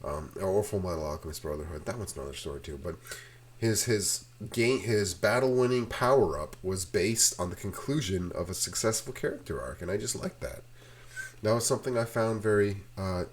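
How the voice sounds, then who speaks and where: A man's voice: low voice, expressive, moderate pace, husky. A man hosting his own channel, talking in a loose, meandering rant that drifts from one tangent to the next. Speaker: channel host. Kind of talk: casual rambling rant to camera.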